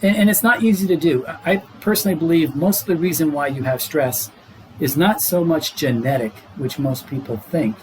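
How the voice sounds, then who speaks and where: A man's voice: fairly high pitch, fairly quick, darkish tone, a little hiss or hum, low-quality recording. A middle-aged man, a doctor guest on a podcast, explaining health matters in an earnest, casual way and laughing easily.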